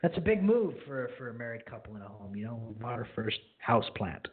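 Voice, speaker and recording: A friendly, straightforward man in his twenties hosting a ministry radio show, rambling through a casual spoken testimony. His mid-pitched voice is husky and comes through a narrow, phone-like line. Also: sing-song, a little fast. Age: 20s.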